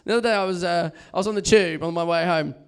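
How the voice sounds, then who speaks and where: A man's voice: high-pitched, fast, vocal fry, clear, resonant tone. A young man doing a chatty, self-mocking stand-up set on a comedy club stage, telling stories with lots of energy.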